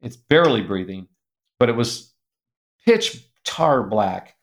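Gravelly-voiced man telling a heartfelt story. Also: medium pitch, slow pace. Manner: animated, acts out quoted voices; earnest, drops to a soft hush at tender moments. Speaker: guest speaker, publisher founder. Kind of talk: emotional storytelling in an interview.

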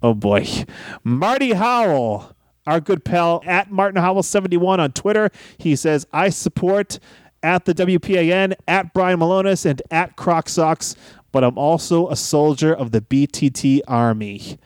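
A man co-hosting a casual podcast, reading out listener messages and plugs at an unhurried pace. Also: a little high, animated, dry recording, studio quality.

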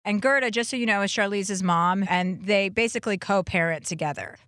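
A woman's voice: mid-range voice, brisk, a bit bright, dry recording, studio quality. A woman hosting a podcast, teasing her guest and telling a story in casual chat.

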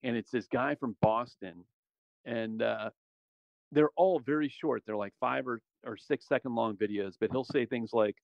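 A man's voice: mid-range voice, moderate pace, gravelly, dry recording, dull audio. A man, a former special operations soldier, talking casually as an interview guest, rambling with many restarts and fillers. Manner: relaxed, rambling, frequent "you know" and restarts.

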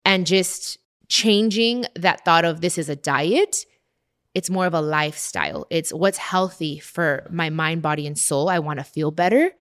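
A woman's voice: low voice, unhurried, fairly bright tone. A woman, hosting a casual advice chat and switching between English and Spanish. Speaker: host answering listener questions.

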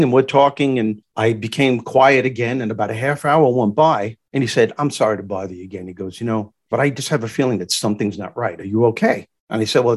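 A man, a former stand-up comic, telling stories lively in an interview and acting out the people he quotes. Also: medium pitch, breathy edge. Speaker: guest, comedian turned motivational speaker. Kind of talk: animated storytelling interview.

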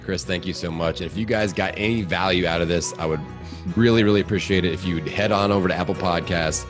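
Deep-voiced Indiana man, upbeat guest. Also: fast, music in the background. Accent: Midwestern American (Indiana). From Indiana, USA. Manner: energetic, upbeat, acts out quotes. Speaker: podcast guest, coach. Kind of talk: casual interview chat.

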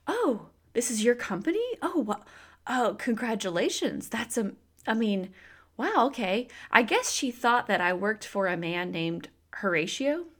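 A woman in her thirties, a faith speaker and business owner, telling a chatty personal story full of fillers that turns into an earnest, slow devotional message. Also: a little high.

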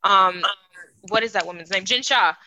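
A woman's voice: medium pitch, moderate pace, sharp tone, poor audio. A woman co-hosting a podcast, telling an exasperated story in casual chat and swearing along the way.

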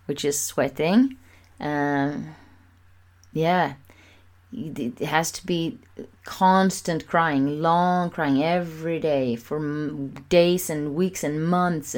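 A woman speaking candidly to camera in a personal vlog, talking with emphatic repetition. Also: low-pitched. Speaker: vlogger.

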